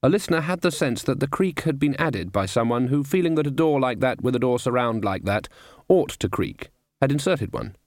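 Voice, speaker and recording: A man narrating a comic fantasy audiobook in a wry, even delivery. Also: mid-range voice, fairly quick, no room sound. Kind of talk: storybook narration.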